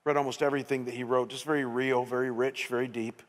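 A middle-aged pastor preaches to his congregation, telling a story in an animated way and often restarting his phrases. His voice sits in the middle range for a man. A long reverb from a large church hall trails behind every sentence. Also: medium pitch, quick pace. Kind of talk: sermon. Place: church sanctuary.

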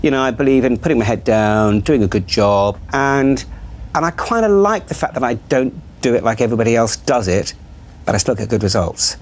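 A middle-aged TV channel executive opens up in a therapy session, speaking frankly and with self-deprecation. He has a medium-pitched voice with lively intonation and talks fairly quickly.

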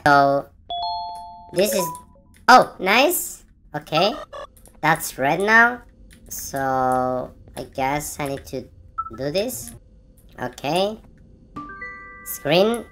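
A woman's voice: deep voice, animated, drawn-out words, pauses often, a bit bright, faint music behind. A woman hosting a gaming channel, reacting to a horror game in her room with jumpy, frightened exclamations and gasps. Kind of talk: horror game let's play commentary. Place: own room at home.

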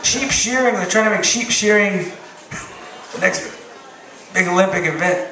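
Profane deadpan stand-up man, high voice. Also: moderate pace. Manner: deadpan one-liners, profane. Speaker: stand-up comedian. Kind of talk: stand-up comedy set. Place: bar stage with crowd. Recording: roomy distant bar recording with crowd. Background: audience laughter.

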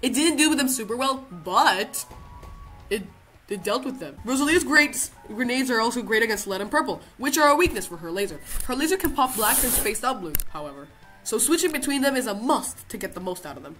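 A young woman giving loud, excitable gameplay commentary, swearing now and then and reading out game text. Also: a little high, fairly quick, soft background music. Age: young adult. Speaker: gaming video creator.

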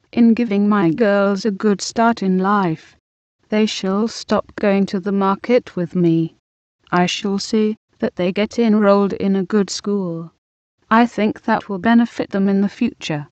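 A woman voicing a defiant, bitter young wife, reading slowly and evenly in a dull, dry recording. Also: medium pitch, a little mellow, no room sound, natural voice. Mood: determined.

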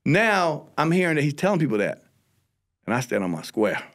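A man telling a story on a podcast, swearing and animated, acting out his own quotes. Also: on the high side, brisk. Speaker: comedian guest.

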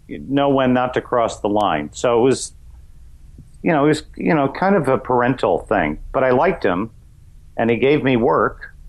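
Middle-aged male comic guest from Westchester, rambling, filler-heavy, bouncy intonation. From Westchester County, New York. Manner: rambling, loose, many "you know" fillers; acts out voices in high shouts. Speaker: comedian guest. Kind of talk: casual interview chat.

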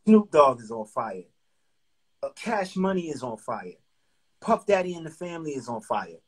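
A middle-aged man from New Jersey, a singer-songwriter guest telling stories in a casual, animated way and acting out quotes in slang. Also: fairly high pitch, normal speed, husky, low-quality recording. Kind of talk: casual storytelling interview.

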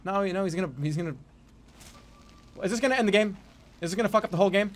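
A man streaming a video game live, reacting excitably with lots of swearing and laughter. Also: sits high, rapid-fire, a little hiss or hum. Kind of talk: live gaming commentary.

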